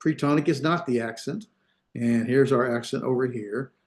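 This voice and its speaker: A male instructor walks his class through a grammar lesson over a video call. He explains one point at a time and keeps pausing to make sure the students are following. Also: mid-range voice, darkish tone. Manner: explains step by step, often checking the class follows. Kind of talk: online class lecture.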